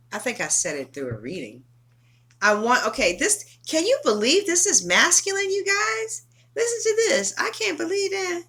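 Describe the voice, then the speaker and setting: Middle-aged woman from California, talkative tarot reader, bright and crisp, emphatic, salty language. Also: high voice, very animated, normal speed. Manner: chatty, emphatic, swears freely. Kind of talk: casual chat to viewers.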